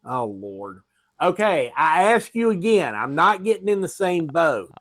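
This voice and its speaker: A man's voice: a little high, very animated, unhurried, fairly bright tone, dry recording. A man playing a tabletop game, hesitant and stumbling over his words as he plans his character's moves. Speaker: player.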